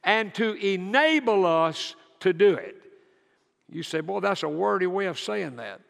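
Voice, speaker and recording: A pastor preaching a sermon in an earnest way, repeating words as he goes and moving between loud emphasis and soft asides. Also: sits high, lively intonation, measured pace, gravelly, in a large hall.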